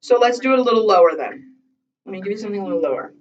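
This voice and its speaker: A woman's voice: medium pitch, animated, racing, slight background noise. Woman voice teacher, chatty and encouraging, recorded far from the mic with a dull sound. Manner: encouraging, chatty, demonstrates by singing. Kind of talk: one-on-one singing lesson.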